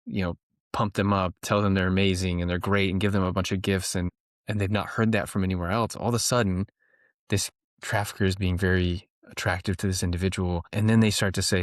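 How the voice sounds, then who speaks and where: A man's voice: low voice, flat delivery, a little fast, no echo, studio quality. A man being interviewed as a guest, explaining earnestly in conversation, often restarting his sentences.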